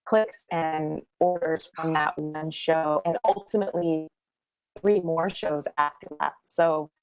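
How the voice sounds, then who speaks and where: A woman in her thirties, a guest entrepreneur telling her story in an interview, animated and quick. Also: sits low, soft background music. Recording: dull lo-fi sound.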